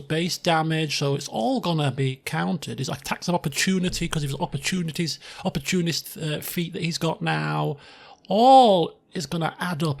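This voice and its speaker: Excitable man with a gravelly voice. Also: on the high side. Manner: chatty, excitable, self-mocking. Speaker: let's play host. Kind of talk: casual gameplay commentary.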